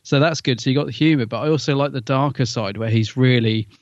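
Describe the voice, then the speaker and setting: A man's voice: medium pitch, fast talker, dry recording. Musing male podcast co-host, lo-fi sound. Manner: thoughtful, musing, often trails off. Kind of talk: casual chat reviewing an episode. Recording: dull lo-fi dry recording.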